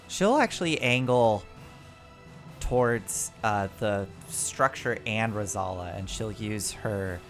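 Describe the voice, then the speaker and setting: A man narrating as game master for a tabletop game, halting and relaxed with many fillers. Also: lowish voice.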